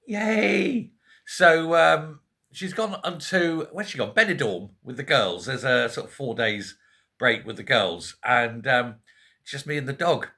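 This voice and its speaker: A Scottish man in a quiet home, chatting casually to camera about politics with joking asides and frequent self-corrections. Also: medium pitch, lively intonation, a little slow. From Scotland. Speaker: political vlogger. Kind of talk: casual rambling commentary to camera.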